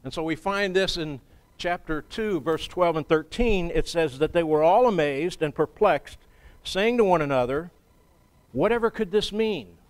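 A male pastor delivering a sermon, his voice sitting a little higher than most men's. He talks in a measured, conversational way, often pausing to gather his next thought. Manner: measured, conversational preaching with frequent pauses. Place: church.

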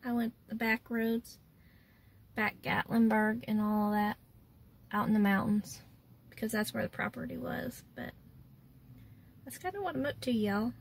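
Woman vlogger, casual ramble, slightly high voice with gravelly fry. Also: unhurried, pauses often, slight background noise. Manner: chatty and rambling. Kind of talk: casual chat to camera.

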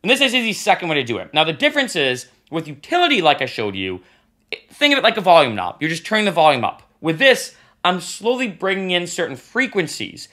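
Man, lively and bright, casual software tutorial host, asks "right?" often. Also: sits high, brisk. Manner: casual, talks while clicking, says "right?" often. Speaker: music production tutor. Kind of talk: screen-recorded software tutorial.

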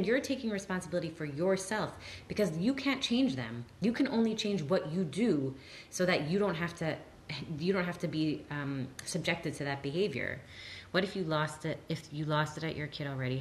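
Low-voiced earnest woman therapist. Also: slight background noise. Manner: earnest, reassuring, lively when quoting others. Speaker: therapist answering audience questions. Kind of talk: live Q&A talk.

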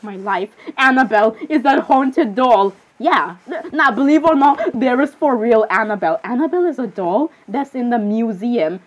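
A young woman chatting casually to her viewers while browsing pictures, giggling often and breaking into excited exclamations. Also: fairly high pitch, normal speed, hardly any pauses, lo-fi sound. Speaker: video creator.

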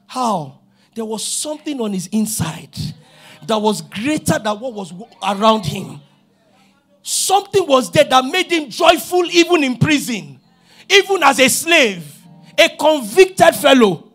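A middle-aged man with a Nigerian accent, preaching a sermon as pastor, animated and acting out dialogue, rising to shouts. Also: very high-pitched, measured pace, faint music behind.

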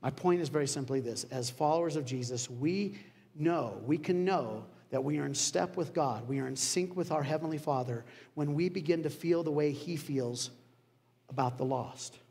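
Guy pastor giving a sermon, kinda high gravelly voice, chatty storytelling, long church reverb. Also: darkish tone. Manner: conversational storytelling with dramatic pauses. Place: church sanctuary.

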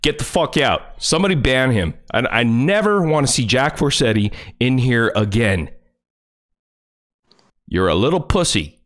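A man's voice: mid-range voice, sing-song, moderate pace, a bit bright. A man livestreaming, ranting furiously and confrontationally, full of profanity. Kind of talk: angry livestream rant.

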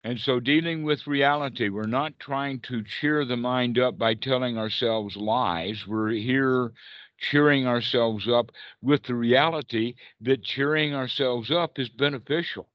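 A man's voice: medium pitch, unhurried, no room sound. A male meditation teacher talking over a video call, loose and playful, slipping into silly quoted voices to make his point. The sound is close and dead, with a dull, muffled call quality. He sits in the middle of the male range. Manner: playful, acts out little quoted voices and laughs. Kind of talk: casual teaching talk on a group call.

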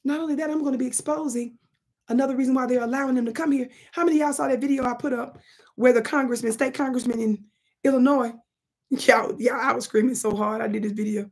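A woman's voice: high voice, steady tone, quick pace, darkish tone, slightly rough. A middle-aged woman giving emphatic, casual commentary to camera, talking straight to her viewers. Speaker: political commentary vlogger.

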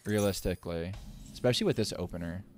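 A man's voice: low-pitched, fast talker, soft background music. A man streaming a card game, thinking aloud and joking as he plays. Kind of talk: casual gameplay commentary.

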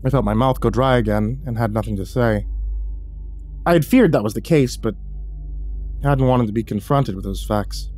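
Male horror storyteller, steady low-key narration over faint music. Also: moderate pace, long pauses.

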